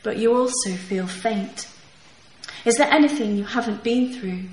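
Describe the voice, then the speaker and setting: A woman reading an English translation of poems in a calm, even manner. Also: on the high side, measured pace. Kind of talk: poetry reading. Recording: echoey room with faint noise.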